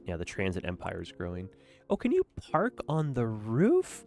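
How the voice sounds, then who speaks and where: With faint music behind him, a young streamer chats upbeat about the city-building game he's playing, tacking "eh" onto his sentences as casual let's-play talk. His mid-range voice swoops wildly, carries vocal fry, sounds a little mellow and moves at normal speed.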